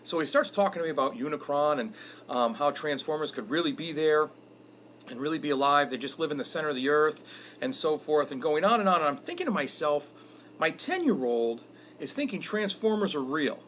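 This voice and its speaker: A middle-aged man with a slightly raised pitch talks earnestly to the camera in a reflective weekly message. His delivery is conversational and unhurried. A faint hiss of background noise sits under his voice. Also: expressive, a bit bright. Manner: earnest, conversational, retells stories with quoted dialogue. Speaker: educator giving weekly video messages.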